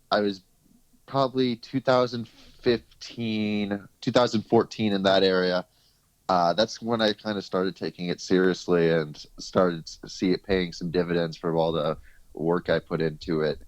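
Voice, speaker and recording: A man's voice: deep voice, a little slow, dry recording. A nineteen-year-old man with a sleepy morning voice, chatting easily as a guest over a phone call while lying in bed. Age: teens. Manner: relaxed, easygoing, laughs readily. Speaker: guest, pro disc golfer. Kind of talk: casual phone interview.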